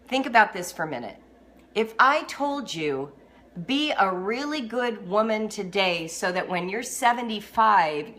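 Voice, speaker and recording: A middle-aged woman hosting a live-streamed talk on homeschooling, speaking emphatically and laughing often as she answers viewers. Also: on the high side. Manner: animated, emphatic, laughs often, teases herself. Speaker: homeschooling educator and host. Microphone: phone or webcam.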